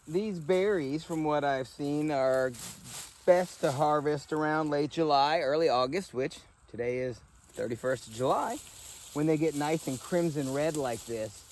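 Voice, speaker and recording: A man with a highish voice talks at a measured pace, with a little hiss or hum in the recording. As a homesteading vlogger, he casually shows how he picks and prepares berries, rambling in a folksy way and filling his thinking-aloud with fillers and asides. The setting shifts from outdoors by trees to a kitchen.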